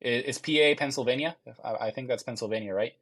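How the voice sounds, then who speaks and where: A young man hosts a live question-and-answer stream about loans. He talks casually and haltingly, repeating phrases while he checks each answer. His voice sits at an ordinary middle pitch. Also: a bit bright. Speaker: mortgage loan officer.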